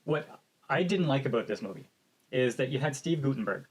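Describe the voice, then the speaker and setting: A man's voice: mid-range voice, lively intonation, a little fast, slight background noise. A married man co-hosting a casual movie review chat, telling stories with dry teasing humor. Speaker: podcast co-host.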